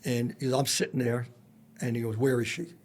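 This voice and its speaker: A man's voice: medium pitch, little pitch movement, fairly quick. A man, a former federal agent, telling blunt and profane stories full of quoted dialogue as a podcast guest. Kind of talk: storytelling in a casual interview.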